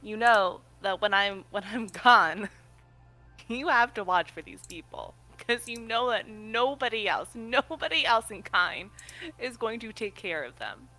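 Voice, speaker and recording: A woman voicing a modest young heroine who speaks in an earnest, halting, self-deprecating way. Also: fairly high pitch, animated, bright, forceful tone, faint music behind, pitched above the performer's own voice, rough recording. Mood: tender. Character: modest young woman hero giving a speech.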